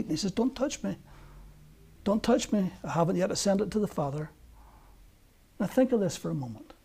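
A man preaching a sermon, telling stories earnestly and moving between emphatic peaks and hushed lines. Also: high voice, slightly rough.

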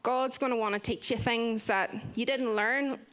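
A young woman sharing a personal testimony in earnest, expressive storytelling. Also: fairly high pitch, moderate pace, smooth. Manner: earnest and expressive, acting out quoted voices. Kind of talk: candid storytelling talk.

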